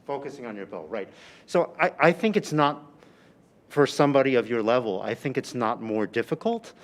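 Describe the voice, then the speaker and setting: Animated man coaching a violin master class. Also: mid-range voice, normal speed. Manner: animated, exaggerated teaching delivery with repeated phrases. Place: rehearsal room.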